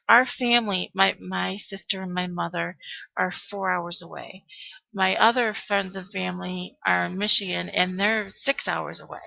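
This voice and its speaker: Middle-aged woman, gravelly voice, bright tone, halting anxious storytelling, dull webcam audio. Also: fairly low pitch, dry recording. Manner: halting, full of ums and restarts, anxious retelling. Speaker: vlogger telling a personal story. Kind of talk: emotional personal storytelling to camera.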